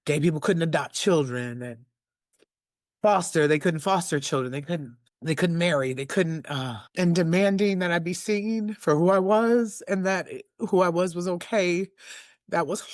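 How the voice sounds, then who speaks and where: A woman in her forties, a guest in a personal conversation, choked up and earnest, speaking haltingly with many restarts and fillers. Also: low-pitched, dry recording, clean studio sound. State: tearful, choked up. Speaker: interview guest.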